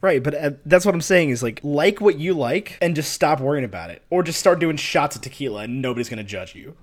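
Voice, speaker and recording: A man's voice: on the high side, a little fast. Laid-back guy on a podcast, kinda wry, says like a lot. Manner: relaxed, wry, lots of fillers like "like". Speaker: podcast co-host. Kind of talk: casual chat.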